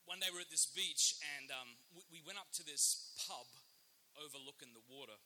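An Australian man, a father of four, telling a funny true story to an audience with lively, acted-out storytelling and loud bursts. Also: on the high side, moderate pace. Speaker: speaker giving a talk. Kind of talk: comic storytelling to a live audience.

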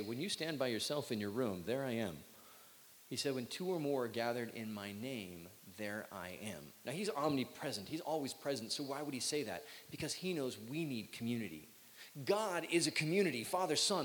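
A middle-aged man gives a loose, chatty talk in a big room with a long reverb tail behind his words. He jokes at his own expense, slips into short acted-out quotes, and a faint hiss sits under the recording. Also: mid-range voice. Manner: chatty, self-joking, acts out quotes. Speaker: youth speaker. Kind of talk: talk to young people.

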